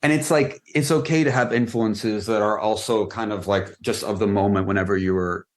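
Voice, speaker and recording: A man's voice: fairly low pitch, fairly even intonation, normal speed. A man talking as a director guest on a podcast, rambling in a casual way with many fillers and restarts. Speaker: film and music video director, guest. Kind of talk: casual interview chat.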